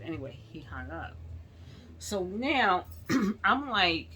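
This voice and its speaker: A woman's voice: fairly low pitch, very animated, slow pace, pauses often, pushed and bright, a little hiss or hum. A woman vlogger chatting to her viewers in a rambling storytime, often calling them y'all.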